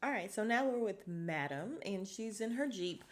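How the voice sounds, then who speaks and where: Animated woman recapping a show. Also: medium pitch, moderate pace, a little hiss or hum. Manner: animated, laughing, acts out characters' lines. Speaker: podcast host recapping a TV episode. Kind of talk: casual recap chat.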